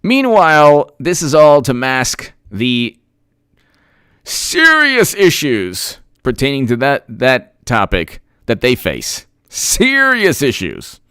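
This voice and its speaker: A man giving solo political commentary, excitable and sarcastic, talking straight to the viewers and laughing at his own jokes. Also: medium pitch, slow, smooth, no echo, clean studio sound.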